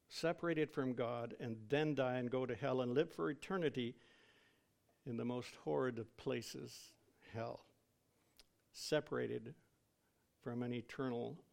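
A man's voice: mid-range voice, gravelly, a little mellow. A man preaching a sermon in a solemn, dramatic way, drawing out words for emphasis.

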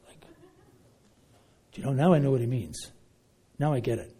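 A man preaching a sermon, emphatic, swinging between loud declarations and hushed asides. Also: mid-range voice, fairly quick, long pauses.

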